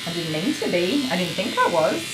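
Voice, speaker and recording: Australian woman groomer, rambling casual chat, low-ish voice, roomy echo. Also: sing-song, a little fast, heavy background noise. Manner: chatty, rambling, laughs often. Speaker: dog groomer streaming live. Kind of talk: casual chat while working. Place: grooming salon. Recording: echoey room with loud clipper buzz.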